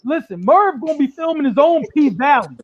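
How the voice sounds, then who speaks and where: Very high-voiced man teasing, lo-fi sound. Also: animated, a little fast. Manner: teasing, repetitive interjections. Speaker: podcast co-host. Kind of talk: casual chat.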